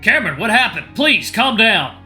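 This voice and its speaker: Here is a worried bear boyfriend in a game, pleading in an urgent, coaxing voice, as a man plays him. The voice sits a little high and sounds very bright. Soft music runs behind him. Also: sing-song, moderate pace, full character voice.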